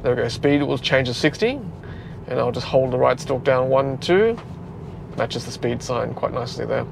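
This Australian car vlogger has a gravelly, mid-range voice and keeps a moderate pace as he chats while driving. The talk is casual and filler-heavy, and the road noise inside the moving car is audible.

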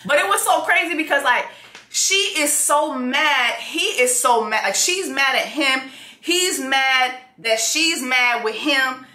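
A woman recapping a TV show in a casual, comedic way, full of slang, who acts out characters in high voices. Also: slow pace, sharp tone, echoey room.

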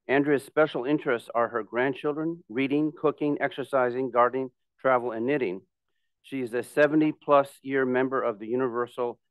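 A man reading new members' bios aloud at a club meeting in a plain, steady way, with brief friendly asides. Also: mid-range voice, dry recording. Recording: tinny phone-like sound.

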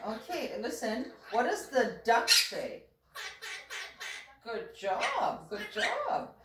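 A woman's voice: fairly high pitch, sing-song, extremely slow, bright, forceful tone, echoey room, recorded from a distance. A woman in baby-talk mode, coaxing and praising her pet bird in a sing-song way. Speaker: pet owner talking to her parrot.

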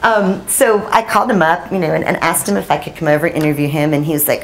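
A woman's voice: on the low side, quick pace, hardly any pauses. A woman in her forties, a journalist giving a storytelling talk to a room of listeners, chatty and self-deprecating, laughing often. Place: audience room.

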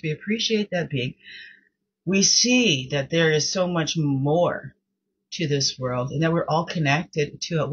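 A woman's voice: fairly low pitch, fairly bright tone, breathy edge, lo-fi sound. A woman hosting her own daily reflection show, reading quotes and chatting casually, often repeating words and asking "right?".

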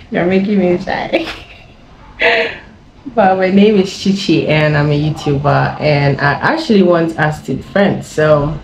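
A woman's voice: low-pitched, a little mellow, a little hiss or hum. A young woman from Ghana, a YouTuber telling a casual story-time tale, chatty and rambling with many fillers and laughs. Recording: echoey room with faint ambience.

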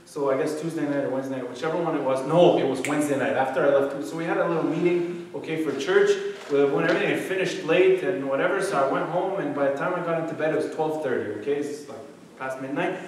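A man in his thirties giving a casual, joking talk to a youth group, full of "like" and "okay". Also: a little high. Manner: chatty, jokey storytelling with frequent "like" and "okay". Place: church meeting room. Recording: echoey room from a distant mic.

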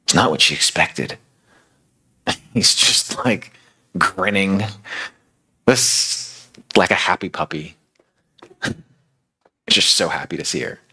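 A man's voice: sits low, expressive, slow, long pauses, pushed and bright, slightly rough. A male preacher retelling a story in a sermon, conversational and dramatic, with casual fillers.

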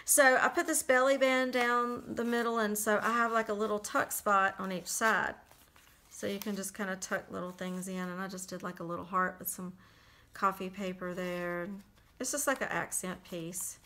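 A woman casually talking through a handmade journal she made, chatty and relaxed with lots of little fillers. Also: mid-range voice, normal speed. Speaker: crafter showing a handmade journal. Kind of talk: casual flip-through narration.

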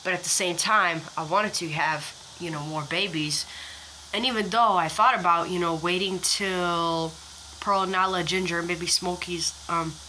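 A woman's voice: lowish voice, steady tone, measured pace, sharp tone, slight background noise, low-quality recording. A woman keeper of backyard chickens, talking casually about her hens while filming on a phone, with many restarts and fillers. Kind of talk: casual phone vlog narration. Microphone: phone camera.

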